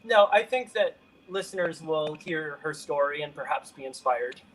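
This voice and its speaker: A man's voice: a little high, animated, moderate pace, a loud crowd, rough recording. A young man chatting as a guest over a video call, bubbly and enthusiastic, often cutting himself off mid-sentence. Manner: bubbly, enthusiastic, self-interrupting. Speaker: guest singer-songwriter. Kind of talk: casual video-call chat.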